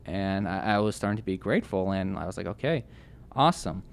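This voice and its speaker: A young man telling his personal testimony as a podcast guest, earnest and halting, with many restarts and fillers. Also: sits low, fairly even intonation, vocal fry, slight background noise.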